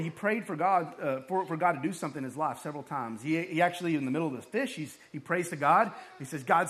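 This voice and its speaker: A male pastor preaching a lively sermon, with joking asides and acted-out quotes. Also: fairly high pitch.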